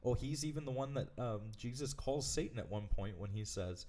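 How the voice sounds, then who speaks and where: A man reading scripture aloud, then explaining it in a relaxed, chatty way with plenty of fillers. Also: medium pitch, fairly quick. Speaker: devotional leader. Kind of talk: scripture reading and casual commentary.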